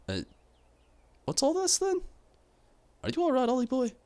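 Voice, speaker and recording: A man voicing a cheeky, gruff little fairy man who blusters and scolds. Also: extremely high pitch, wildly swooping pitch, normal speed, mellow, slight background noise, voice pushed up, full character voice. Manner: boisterous, blustering. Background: game music.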